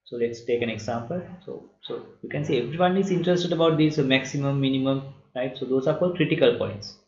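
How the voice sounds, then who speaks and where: A man teaching math in a recorded lecture, explaining slowly and checking in with "right?" again and again. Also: medium pitch, a little mellow. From Sri Lanka. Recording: lo-fi echoey room.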